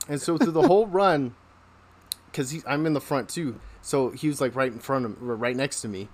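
Laughing man telling an animated story. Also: mid-range voice, a little fast. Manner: laughs often while telling stories; acts out the people in his stories. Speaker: podcast host. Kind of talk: casual storytelling.

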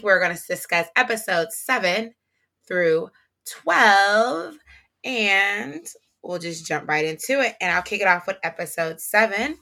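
Woman cohosting a podcast, mid pitch, bright voice, super animated, laughs a lot. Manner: animated, laughs often, slips into playful voices. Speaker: podcast co-host. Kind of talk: casual chat recap.

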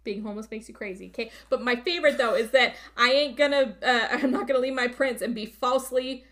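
A woman on a podcast casually recapping a movie, animated and swearing freely. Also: fairly high pitch, fast talker. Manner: animated, profane storyteller. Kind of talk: casual chat.

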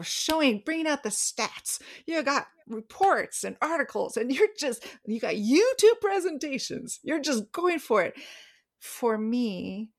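Podcast cohost lady, bit of vocal fry, lively storyteller, drags out the big words. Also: on the high side. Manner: animated storytelling, slows down for emphasis. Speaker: podcast co-host. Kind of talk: casual chat.

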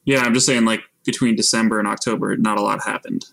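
A man's voice: on the low side, steady tone, fast, vocal fry, fairly bright tone, dry recording, poor audio. A man co-hosting a podcast, talking in a laid-back, offhand way with lots of hedging. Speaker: podcast co-host. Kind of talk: casual chat.

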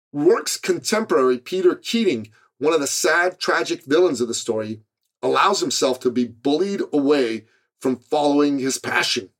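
A man hosting a podcast, delivering an earnest, emphatic, scripted motivational monologue. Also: on the high side. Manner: earnest and emphatic, with a preacher-like build. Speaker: podcast host.

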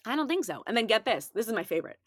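Out of breath and talking very fast, a dietitian podcast host chats on her own show in a casual, emphatic way, reeling off figures. Her slightly high voice swings widely in pitch, recorded in echo-free studio quality.

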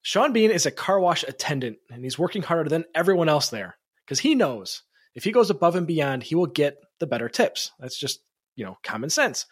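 A man co-hosting a podcast, telling absurd comic stories in a casual, animated way and laughing often. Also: a little high, a little fast, husky, dry recording, studio quality. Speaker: podcast co-host. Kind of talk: casual comedic storytelling.

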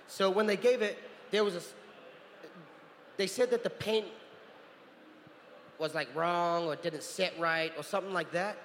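A man in his thirties from New Zealand, telling animated stories as a guest on a convention panel and acting out other people's voices. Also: high-pitched, a little slow, long pauses. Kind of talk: anecdotal storytelling. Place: large convention hall. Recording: convention hall with reverb and faint noise.

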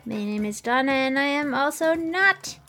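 A woman's voice: sits high, expressive, normal speed, pushed and bright, soft background music. A woman co-hosting a podcast, playful and easy in casual chat. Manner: playful, laughing. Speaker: podcast co-host.

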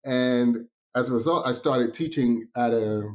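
A man's voice: mid-range voice, a little slow. Enthusiastic man telling drumline stories. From New York. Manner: enthusiastic, emphatic, says "man" a lot. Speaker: drumline instructor and podcast guest. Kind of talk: casual interview storytelling.

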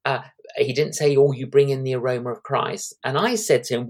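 A man in his sixties, an evangelist, telling lively anecdotes as a guest in an interview, acting out the quotes. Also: medium pitch, fairly quick. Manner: animated anecdotes with acted-out quotes.

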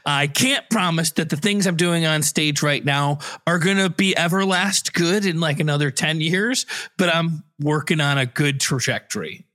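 A man hosting an improv podcast in casual chat, easygoing and quick to laugh. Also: on the high side, bright, forceful tone. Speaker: podcast host.

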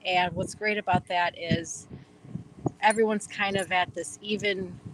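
A woman with a Wisconsin accent is a guest fan in a casual interview, chatting eagerly and rambling with lots of fillers. Her voice is on the low side with fairly even intonation, she speaks a little slowly, and the background is noisy.

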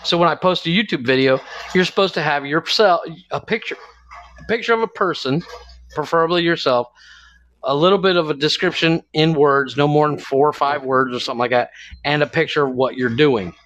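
A man's voice: fairly high pitch, brisk, a bit bright, dull audio. A man co-hosting a casual podcast, telling stories with lots of laughter and acted-out quotes. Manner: storytelling, laughs often, acts out quotes. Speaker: podcast co-host. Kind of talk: casual chat.

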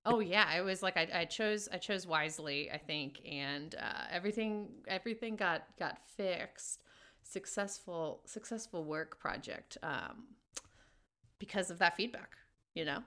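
A woman co-hosting a podcast in casual chat, soft-spoken and rambling, with frequent restarts and filler words. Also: on the low side, measured pace. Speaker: podcast co-host.

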